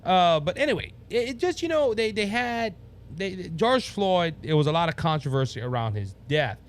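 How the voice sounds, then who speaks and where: A Louisiana man with a Cajun accent hosts a casual political talk podcast in a high, sing-song voice at normal speed. He rambles, stumbles over words, restarts his sentences and laughs at himself.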